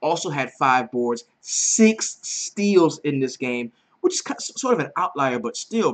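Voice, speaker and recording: A man hosting a casual daily fantasy basketball breakdown, animated and slangy, swearing freely. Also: on the high side, unhurried. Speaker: daily fantasy sports host. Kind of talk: casual sports betting breakdown.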